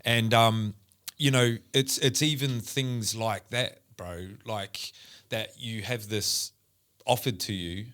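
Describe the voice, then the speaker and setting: A man's voice: fairly low pitch, steady tone, slow, a bit bright. A man in a casual podcast chat who rambles, swears often and keeps calling the other man mate and bro. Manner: rambling, profane, says mate and bro a lot.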